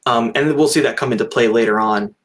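A man's voice: medium pitch, brisk, a bit bright. A man co-hosting a film review podcast, joking casually and laughing at his own points. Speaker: podcast co-host.

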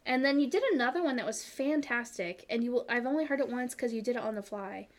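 A woman's voice: on the high side, animated, quick pace. A young woman co-hosting a podcast in casual chat, playful and teasing, laughing often. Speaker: podcast co-host.

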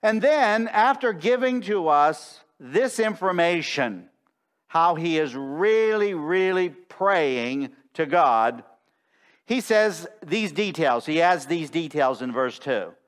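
Middle-aged guy preaching in church, bit high voice, really stresses his points. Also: lively intonation. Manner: emphatic, slows down to stress phrases. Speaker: pastor. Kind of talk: sermon. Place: church sanctuary.

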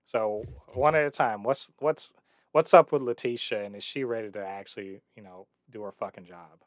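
A man co-hosting a casual chat, joking and excitable, swearing freely. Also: fairly low pitch, normal speed, dry recording, studio quality. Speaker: podcast co-host.

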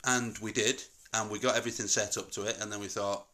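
A man's voice: lowish voice, fairly even intonation, fast talker, hardly any pauses, bright, forceful tone. A middle-aged man with a Northern English accent, hosting a casual family chat at home in a rambling, jokey, digressive way. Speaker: podcast host.

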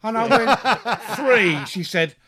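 A man telling a funny family story in a casual podcast chat, animated and chuckling, stumbling over his words as he gets excited. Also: on the high side, normal speed, a crowd in the background. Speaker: podcast co-host.

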